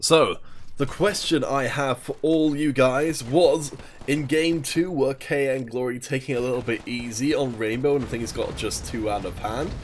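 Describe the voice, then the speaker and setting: A man's voice: mid-range voice, a little slow. Chatty man casting an esports stream. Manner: chatty, jokey, talks while eating. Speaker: esports caster. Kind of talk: solo esports play-by-play commentary.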